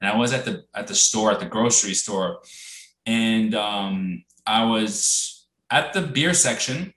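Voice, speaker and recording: A man's voice: fairly low pitch, measured pace, fairly bright tone, echoey room. A man co-hosting a casual podcast, telling a story with lots of restarts and acted-out quotes. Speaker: podcast co-host.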